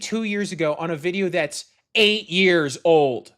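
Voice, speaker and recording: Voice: medium pitch, a little slow, hardly any pauses. A young adult hobby game developer commenting casually while coding, exasperated, talking to themself and swearing often. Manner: rants loudly at an online commenter.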